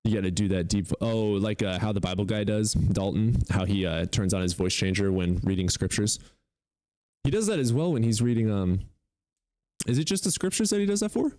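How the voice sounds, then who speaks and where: A man's voice: fairly low pitch, fairly quick, a little mellow, no echo. A man hosting a live-stream debate in casual chat, joking and sarcastic, and he swears freely. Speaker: livestream debate host.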